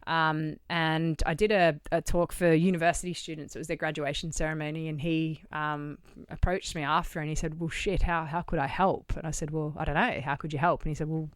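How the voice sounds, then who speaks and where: A middle-aged Australian woman, a charity founder, telling a long story on a podcast in a lively, anecdotal way, acting out the dialogue and swearing casually. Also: low-pitched, brisk, hardly any pauses, clean tone, no echo. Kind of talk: conversational storytelling. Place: podcast studio.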